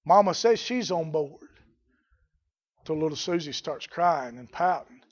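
Man, pastor, fiery sermon, high voice, muffled lo-fi sound. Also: expressive, a little slow. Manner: fiery preaching with shouted peaks. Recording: dull lo-fi recording.

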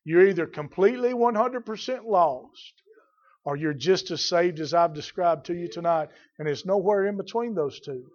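A man preaching a revival sermon in a high, ringing voice. He builds to loud, emphatic swells and then drops to quiet, close asides. The recording sounds dull and muffled. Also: moderate pace.

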